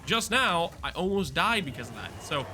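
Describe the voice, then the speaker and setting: A man's voice: on the high side, sing-song, moderate pace, bright, forceful tone, a little hiss or hum. A man casually talking through a game build guide while playing, chatty and explanatory, with loose restarts. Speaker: gaming content creator.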